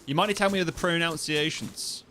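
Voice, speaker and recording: A man's voice: fairly high pitch, brisk, pushed and bright, slight background noise. A man streaming a survival game, laughing as he practises a foreign phrase over and over and swearing casually while he thinks aloud. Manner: laughing, repeating foreign phrases to get them right. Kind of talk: casual livestream commentary.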